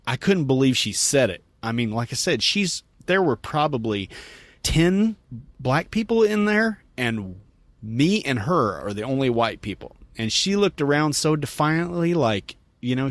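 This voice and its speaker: A man hosting a podcast, telling a story in a casual, animated way and laughing as he quotes people. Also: mid-range voice, no echo. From United States. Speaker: podcast host.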